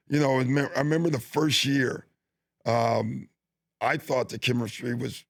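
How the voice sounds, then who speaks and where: A middle-aged man talks through coaching stories in an easygoing, meandering way, often stopping to restart a thought. His voice sits at a middle pitch and sounds close and dry, with no room echo. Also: creaky. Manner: easygoing, with frequent fillers and restarts. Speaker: basketball coach, guest. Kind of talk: relaxed storytelling interview. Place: studio.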